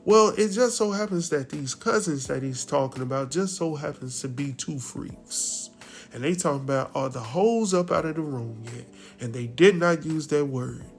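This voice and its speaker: A man's voice: fairly high pitch, lively intonation, moderate pace, soft background music. Laid-back man recapping an episode. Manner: laid-back storytelling, acts out characters' lines. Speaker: recap host.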